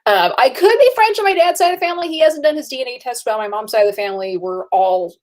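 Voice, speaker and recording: A woman's voice: high voice, expressive, quick pace, darkish tone, poor audio. A woman hosting a casual chat about films, chatty and laughing often. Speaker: host.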